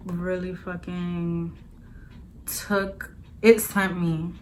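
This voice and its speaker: A woman's voice: fairly low pitch, fairly even intonation, takes it slowly, a little hiss or hum. A young adult woman telling a storytime vlog in a casual, blunt, profane way. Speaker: vlogger.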